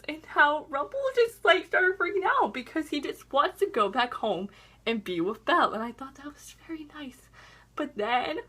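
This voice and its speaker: A young woman recapping a TV episode in casual chat, acting out the characters' lines as she goes. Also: high-pitched. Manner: animated, acts out characters' lines in quoted voices. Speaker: TV recap vlogger.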